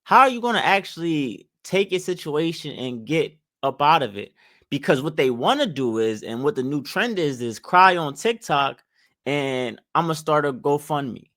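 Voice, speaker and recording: A man's voice: fairly high pitch, lively intonation, moderate pace, a bit bright, no echo, studio quality. Preachy, emphatic man giving blunt advice. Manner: preachy, emphatic, repeats phrases for punch. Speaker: finance commentator. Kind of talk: opinionated direct-to-camera commentary.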